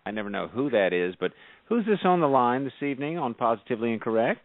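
A man hosting a call-in talk show, soft-spoken and affirming toward his guests. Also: mid-range voice, animated, fast, no room sound. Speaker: radio show host. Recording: phone-line sound, dry.

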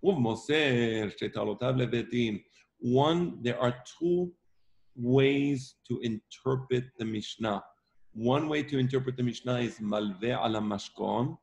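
Leading an online Talmud lesson, a man speaks at medium pitch with an unhurried pace and a gravelly, somewhat dark tone. His style is forceful and repetitive, and he keeps stressing ideas by asking "right?"

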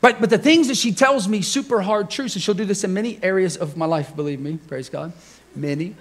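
At a church service, a pastor with a high-pitched voice delivers a relaxed, conversational sermon at a brisk pace. He's jokey, tells personal stories, chuckles often, and keeps asking the congregation questions.

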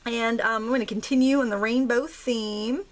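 A woman from Maine, her light local accent showing, hosts a casual craft demonstration at home, chatting and joking as she goes. Her voice sits on the high side with a steady tone, and she talks at a normal speed. She thinks aloud while she works.

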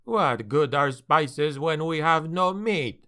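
A man's voice: on the high side, lively intonation, slow, sharp tone, exaggerated voice. A man voicing a bitter, weary male dwarf harbor master who grumbles his complaints, for an audiobook.

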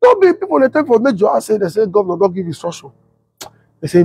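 A young man with a Nigerian Pidgin accent telling a comic story, animated and laughing often. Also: sits high, fast talker, gravelly, breathy edge. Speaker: comedian storyteller.

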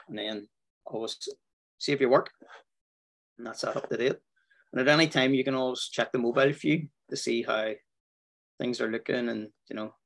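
A man walking viewers through building a website, talking in a relaxed way with fillers, over a video call. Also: mid-range voice, vocal fry. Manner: relaxed, thinking aloud with fillers. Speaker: web design instructor. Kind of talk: screen-share tutorial walkthrough.

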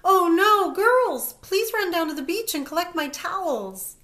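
A woman putting on a flustered shouting lady. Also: very high-pitched, expressive, unhurried, pitched above the performer's own voice, exaggerated voice. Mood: alarmed. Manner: shouting in alarm. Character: flustered adult woman calling out in the rain.

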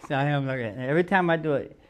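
A man's voice: a little high, rapid-fire. A man telling a long anecdote in a TV studio interview, acting out the voices of people in his story and laughing often. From United States. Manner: animated, acts out quotes, laughs often. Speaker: guest musician. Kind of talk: casual storytelling.

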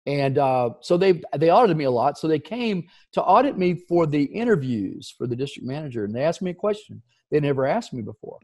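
A man in middle age tells a lively story as an interview guest, with a fairly high voice. He jumps into the voices of the people he talks about and keeps the tone loose and conversational. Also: a little fast, few pauses. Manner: animated storyteller, acts out quoted voices.

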